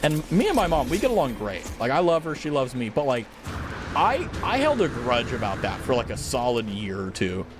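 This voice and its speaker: A man's voice: medium pitch, huge pitch swings, moderate pace, over music. A young man streaming as a VTuber, chatting casually with viewers and telling a rambling, profane story.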